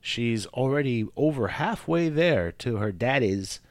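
A young man co-hosting a casual podcast, jokey and quick to react while discussing wrestling. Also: medium pitch, animated, no echo. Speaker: podcast co-host.

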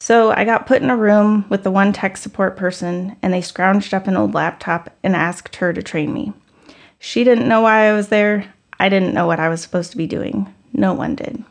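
A woman's voice: medium pitch, normal speed, vocal fry. A woman in her thirties telling a personal story in a candid, conversational, self-deprecating way.

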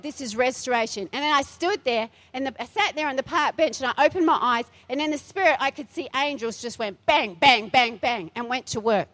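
A woman's voice: high voice, a bit bright. A middle-aged woman pastor delivering a feisty, emphatic sermon in a church, repeating her phrases for force.

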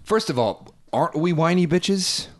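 A man's voice: a little high, lively intonation, moderate pace. A man co-hosting a comedy podcast in casual chat, self-deprecating, with audible lip smacking. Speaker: podcast co-host.

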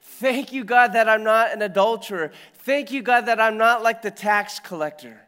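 A man voicing a self-righteous male Pharisee who loudly thanks God that he is better than others. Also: high voice, moderate pace, clean tone, pitched above the performer's own voice. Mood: boastful. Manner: boastful, loud, self-congratulating.

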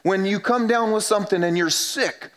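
A man preaches a church sermon in a somewhat higher voice. He pushes up in pitch to drive points home, then sinks low and soft to voice what people say. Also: normal speed. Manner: emphatic preaching, drops low and quiet for quoted voices. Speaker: pastor.

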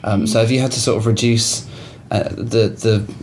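A man's voice: on the low side, steady tone, moderate pace, a little mellow, slight background noise. A man interviewing a cast, asking questions hesitantly with many ums. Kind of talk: casual interview.

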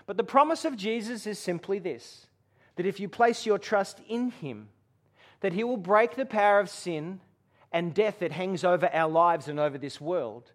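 A man preaching a sermon to a gathering, telling a story and dropping to a hush for dramatic moments. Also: high voice, moderate pace. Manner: storytelling with dramatic hushed drops. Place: room with a gathering.

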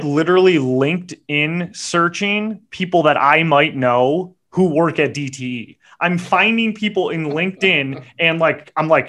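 A man hosting a podcast, telling a story in a profane, animated rant and muttering quick asides. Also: fairly high pitch. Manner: animated and profane, voice jumps up when acting out his own yelling. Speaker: podcast host.

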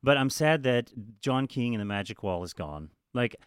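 A man's voice: medium pitch, animated, moderate pace, clean tone, no echo, studio quality. A man co-hosting a podcast, chatting casually and animatedly, swearing now and then and laughing often. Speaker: podcast co-host. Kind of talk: casual chat.

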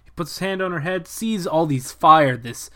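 Animated young man recapping a movie. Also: a little high. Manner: animated, profane retelling with quick voiced asides for characters. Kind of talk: casual movie plot recap.

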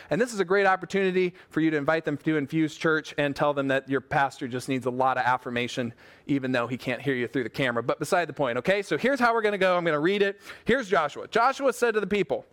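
A pastor with a high voice gives a relaxed sermon to people watching online. He keeps it chatty, with jokes and self-deprecating asides. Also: a little fast. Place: church room with a small team.

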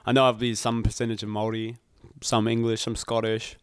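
A man's voice: fairly low pitch, level tone, brisk, clear, resonant tone, no echo, studio quality. A young man co-hosting a podcast in casual chat, joking and swearing freely. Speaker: podcast co-host.

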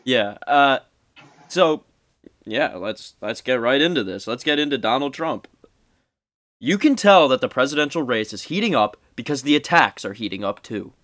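A man's voice: mid-range voice, expressive, moderate pace, a bit bright, no room sound, studio quality. A man hosting a casual podcast, sarcastic, swearing and laughing as he reads an article aloud. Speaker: podcast host.

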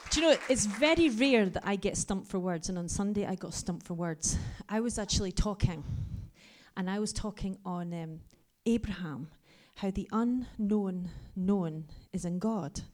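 A woman in her forties preaches with animated energy, telling stories from her own life. She slips into a hushed whisper for asides, then comes back full voice. Her pitch sits at an ordinary middle height. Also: normal speed. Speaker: pastor. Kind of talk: lively sermon with personal stories.

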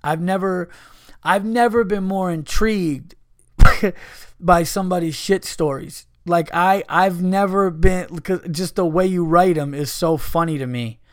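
A man hosting a podcast, reading listener stories aloud and breaking into loud, laughing, profane riffs. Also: high voice, measured pace, no room sound, clean studio sound. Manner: loud animated riffing between readings, swearing and laughing. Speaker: podcast host.

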